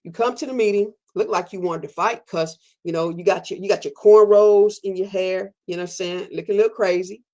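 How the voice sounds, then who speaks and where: A woman giving an emphatic personal monologue as a podcast host, repeating phrases for weight and jumping sharply up in pitch when stirred. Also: fairly even intonation, brisk, hardly any pauses, dark tone. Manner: fiery, repetitive, preacherly emphasis with sudden pitch jumps.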